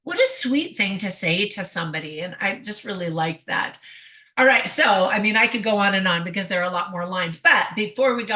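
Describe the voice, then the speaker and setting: Bright-voiced woman chatting through a movie review, laughs a lot, quotes lines with gusto. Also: mid-range voice. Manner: chatty, laughs often, quotes dialogue with relish. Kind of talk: casual spoken review.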